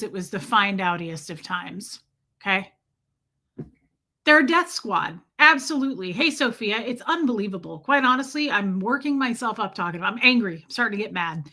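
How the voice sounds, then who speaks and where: A woman's voice: fairly high pitch, bright, forceful tone. A woman hosting a casual livestream from her rural home, chatting with viewers, thanking them by name and swearing freely. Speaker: livestream host.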